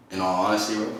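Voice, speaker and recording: A man hosting a casual podcast, telling an embarrassing story in an animated, slangy way with lots of laughter. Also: on the low side, slight background noise. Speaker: podcast host. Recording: echoey room, distant mic.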